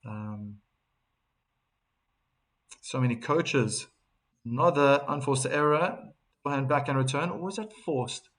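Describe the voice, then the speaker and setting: A man with a South African accent hosting a live tennis watchalong, chatting with viewers and breaking into excited calls on big points. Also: mid-range voice, slow, pauses often. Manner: chatty, reads viewer chat messages aloud between calls. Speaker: host and tennis commentator.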